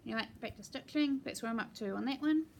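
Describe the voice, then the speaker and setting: A woman chatting casually at home as she shows her cross-stitch projects, talking in a relaxed way with plenty of ums and asides. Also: a little high, fast, vocal fry, slight background noise. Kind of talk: casual show-and-tell chat.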